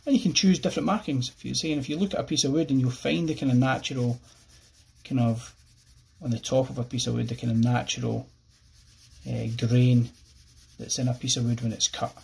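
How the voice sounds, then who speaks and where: A man with an Irish accent explaining a pencil drawing step by step as he works, relaxed and thinking aloud. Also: medium pitch, brisk, gravelly, slightly rough. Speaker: art teacher. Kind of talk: drawing tutorial narration.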